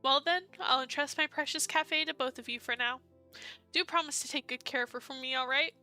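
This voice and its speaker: A woman voicing a gentle, grateful old man who owns a cafe. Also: high voice, fairly quick, soft background music. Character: kindly old male cafe owner.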